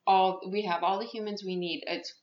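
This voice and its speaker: A woman's voice: medium pitch, steady tone, normal speed, lightly acted. A woman voicing a teenage girl vampire with a conscience while retelling a movie plot, in a pleading, urgent way. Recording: echoey room, muffled lo-fi sound.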